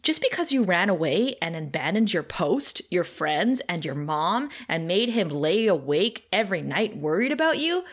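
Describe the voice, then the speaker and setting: A man's voice: sits high, sing-song, normal speed, few pauses, fairly bright tone, exaggerated voice. A woman voicing a tactless, sarcastic teenage boy as she quotes him during a casual recap.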